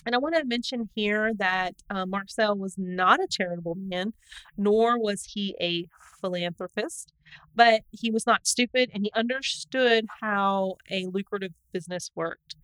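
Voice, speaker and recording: A woman co-hosting a casual podcast, telling the story in an animated way, laughing often and trailing off mid-sentence. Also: mid-range voice, normal speed, clean tone, dry recording, rough recording. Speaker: podcast co-host. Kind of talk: casual true crime podcast chat.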